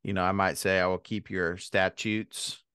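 A man with a smooth, resonant voice that sits on the low side, co-hosting a casual Bible discussion. He speaks in a thoughtful, measured way and chuckles lightly now and then. The sound is dry and close, with no room around it. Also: level tone, sharp tone, no echo. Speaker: podcast co-host.

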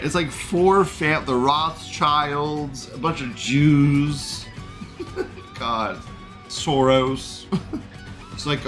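A man's voice: a little high, fairly bright tone. Sneering, crude male livestream host. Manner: crude, sneering, laughing at his own jokes. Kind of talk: livestream commentary rant.

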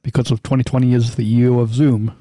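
A man's voice: little pitch movement, a little fast, mellow, no echo, studio quality. A man co-hosting a casual podcast, reading listener questions in a playful radio voice. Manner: reads listener questions in a high sing-song radio voice. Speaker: podcast co-host.

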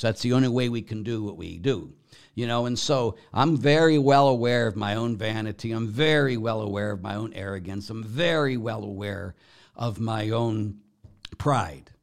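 A man, a Catholic priest hosting a podcast, talks bluntly and with passion, moving from loud emphatic lines to near-whispers. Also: medium pitch, normal speed. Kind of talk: podcast monologue answering questions.

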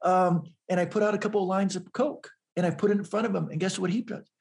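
A man's voice: high voice, fairly even intonation, fast talker, creaky, a little mellow. A man in an interview telling a personal story earnestly, often repeating words as he builds toward the point. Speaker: guest.

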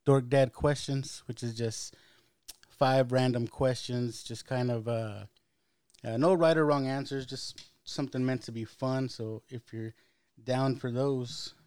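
A man's voice: medium pitch, steady tone, a little slow, a little mellow, clear, resonant tone, no echo. A man hosting a podcast interview, easygoing and casual, with frequent hesitant ums between his questions. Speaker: podcast host.

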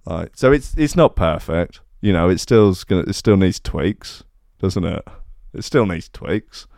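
A man's voice: sits low, expressive, a little slow, gravelly, few pauses, a little mellow, dry recording, clean studio sound. A man hosting a comedy podcast, rambling through sardonic asides and restarts. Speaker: podcast host. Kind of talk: casual comedic podcast monologue.

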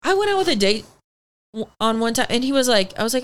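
A woman's voice: high-pitched, fast. Chatty young woman telling a story. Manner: animated storytelling with lots of "like" and swearing. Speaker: guest. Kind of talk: casual chat.

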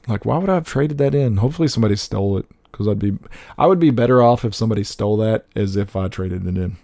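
A man in his thirties on a casual podcast, animated and swearing freely, laughing often. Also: on the low side, quick pace, gravelly, no room sound, clean studio sound. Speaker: podcast co-host.

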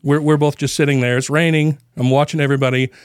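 A man co-hosting a podcast, telling a personal story in casual chat, halting with fillers and nervous laughs, grief close to the surface. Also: on the high side, flat delivery, smooth, no room sound. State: grieving, voice near tears. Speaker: podcast co-host.

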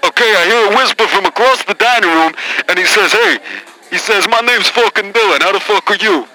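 A man doing a loud, foul-mouthed pizzeria owner with a high, piercing, very bright voice, who ends his sentences with a challenging "eh?". He is touchy and boastful, a caller in a comedy podcast bit. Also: sing-song, fast, gravelly, full character voice, poor audio. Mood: conspiratorial. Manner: swears constantly, ends lines with "eh?".

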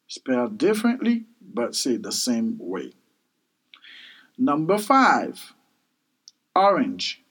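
A man hosting a podcast language lesson, repeating each word several times in a slow, animated way. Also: mid-range voice, low-quality recording. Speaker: language teacher, podcast host. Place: Miami.

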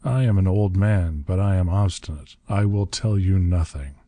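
A man voicing a frail old male tyrant who speaks mildly and benignly with quiet menace. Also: low-pitched, normal speed, dry recording. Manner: mild, benign, chuckling menace. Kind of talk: audiobook narration.

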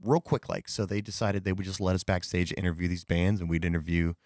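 A man's voice: sits low, flat delivery, fast talker, darkish tone, no echo. A man telling a casual anecdote in a rambling way, with fillers, swearing and self-corrections. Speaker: storyteller.

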